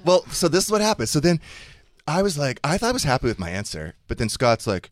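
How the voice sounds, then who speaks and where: A man hosting a talk show, chatting casually with animated, self-mocking storytelling and frequent swearing. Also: on the high side, fast talker, dry recording, clean studio sound. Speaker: radio show host. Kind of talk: casual chat.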